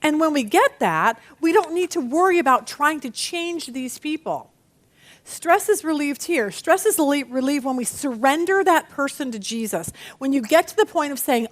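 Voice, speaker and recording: Woman Bible study teacher with a high voice. Animated, acts out the quotes. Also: normal speed. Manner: animated teaching with dramatic read-aloud voices.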